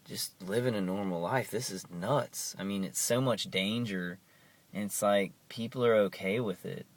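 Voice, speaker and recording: A man speaks into his camera at home in a deep, level voice that barely rises or falls. He talks in a halting, earnest way, circling back and repeating phrases as he goes. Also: a bit bright, no echo. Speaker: vlogger. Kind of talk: casual monologue to camera. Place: at home, indoors.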